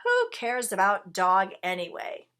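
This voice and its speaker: A woman voicing a grumpy, prickly male rat in a read-aloud storybook, shouting taunts across a junkyard. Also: mid-range voice, wildly swooping pitch, unhurried. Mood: grumbling.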